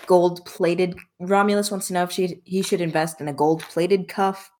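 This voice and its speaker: A woman narrating a tabletop game as game master, relaxed and giggly between descriptions. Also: on the low side, normal speed. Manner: relaxed, giggly, voices characters.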